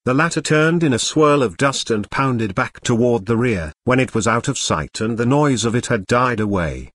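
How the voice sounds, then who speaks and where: A computer-generated male voice reading an audiobook aloud in an even, unhurried way. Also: medium pitch, dry recording, clean studio sound. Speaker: audiobook narrator. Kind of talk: synthetic audiobook narration.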